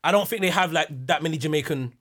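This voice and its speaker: A man's voice: a little high, quick pace, a bit bright. A young man, telling a rambling story in heavy slang on a casual podcast. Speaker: podcast host. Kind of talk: casual chat.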